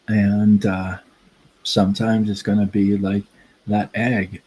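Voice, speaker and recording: A man hosting a casual livestream, telling a story in a rambling, halting way and breaking off to greet his chat. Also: on the low side, level tone, mellow, husky, low-quality recording. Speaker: livestream host.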